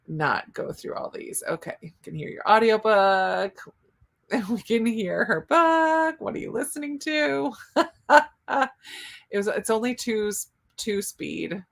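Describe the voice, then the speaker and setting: A woman's voice: medium pitch, creaky, fairly bright tone. A woman with a Southern US accent hosting a casual livestream, chatty and giggly, with frequent exclamations as she reads out viewer comments. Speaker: livestream host.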